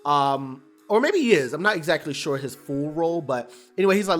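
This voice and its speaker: A man casually recapping a TV episode, animated and colloquial, rambling with restarts. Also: fairly high pitch, fairly quick, few pauses, soft background music.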